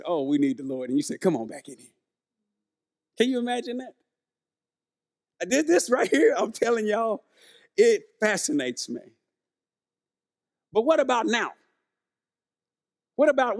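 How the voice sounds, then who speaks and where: Preacher guy, kinda high voice, talks with the church like a chat, acts out little quotes. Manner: conversational, questions the congregation, acts out quotes. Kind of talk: sermon.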